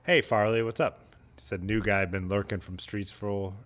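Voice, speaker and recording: A man's voice: lowish voice, fairly even intonation, normal speed, a bit bright. A man, hosting a casual livestream, reading viewer comments aloud and chatting in a laid-back, rambling way. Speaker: livestream host.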